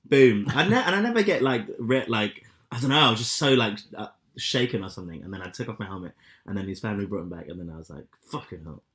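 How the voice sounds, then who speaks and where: A man in his thirties co-hosting a podcast, telling stories with lots of swearing and loud acted-out quotes. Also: fairly low pitch, quick pace. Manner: animated storyteller, swears a lot, acts out quotes loudly. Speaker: podcast co-host. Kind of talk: casual chat.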